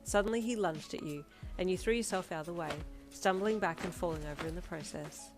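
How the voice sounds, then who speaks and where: A woman narrating a fan fiction story in an expressive second-person reading. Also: fairly low pitch, fairly quick, over music. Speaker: audiobook narrator.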